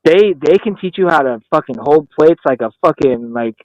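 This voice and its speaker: A man in his thirties, a podcast host, telling profane, animated stories in casual chat and acting out the quotes. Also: fairly high pitch, normal speed, dull audio, a crowd in the background.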